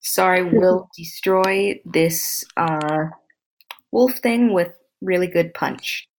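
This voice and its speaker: A woman playing in a tabletop game, calm and matter-of-fact about her rolls. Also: fairly low pitch, takes it slowly, a little hiss or hum. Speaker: player. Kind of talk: casual chat, tabletop game.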